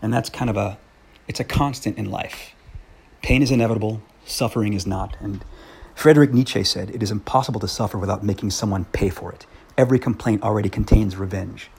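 A man's voice: on the low side, fairly quick, gravelly, a little mellow, husky. A man hosting a podcast in a candid personal monologue, blunt and swearing freely, partly reading aloud his own old essay. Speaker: podcast host.

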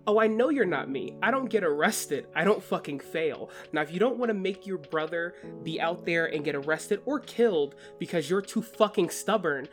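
A woman's voice: lowish voice, animated, moderate pace, hardly any pauses. Woman player, in-character argument, heated, swearing, faint music. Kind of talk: playing a hero in a tabletop game.

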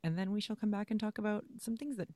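A woman's voice: mid-range voice, steady tone, quick pace, mellow, no echo, studio quality. A woman co-hosting a podcast, chatting casually and playfully with frequent laughs. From Canada. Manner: chatty, playful, laughs often, many fillers. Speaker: podcast co-host.

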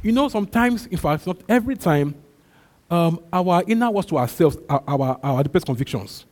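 A man's voice: on the high side, lively intonation, normal speed, darkish tone. A male pastor preaching a sermon, emphatic and repetitive, calling out to his congregation. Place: church. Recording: long hall reverb.

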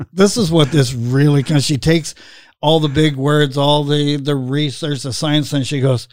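A man's voice: on the high side, fairly even intonation, unhurried, darkish tone, no room sound, clean studio sound. A middle-aged man hosting a casual chat, rambling with many fillers and laughing as he tells stories. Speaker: podcast host.

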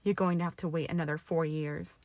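A woman's voice: low-pitched, fairly even intonation, a little fast, darkish tone, no room sound, close to an everyday voice. A woman voicing a tall, arrogant young man who sneers and growls his lines. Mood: sneering. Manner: growling, snarling.

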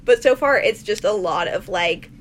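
A woman's voice: medium pitch, normal speed, slight background noise. A young woman co-hosting a podcast in casual chat, bubbly with many fillers. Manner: bubbly, lively, filler-heavy. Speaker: podcast co-host.

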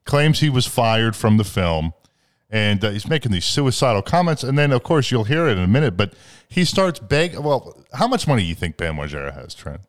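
Medium in pitch with wide swings and a slightly fast pace, this podcast host chats crudely and casually. His stories wander, full of profanity and fillers.

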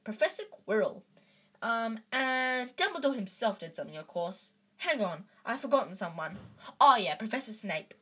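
A woman reading the lines of a big, gruff, kindly male groundskeeper, hesitant and rambling, with a husky voice. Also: on the high side, sing-song, moderate pace, a bit bright, heavily acted.

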